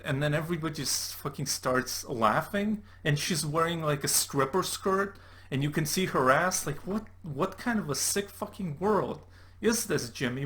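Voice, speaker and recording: Male YouTuber, ranting commentary, profane and incredulous, slightly high voice. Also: sharp tone. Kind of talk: commentary rant.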